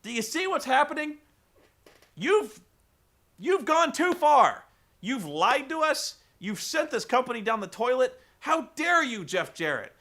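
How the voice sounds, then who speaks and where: A man's voice: very high-pitched, big pitch swings, unhurried, bright, forceful tone, voice pushed up, full character voice. A man impersonating an angry male wrestling commentator in an outraged rant.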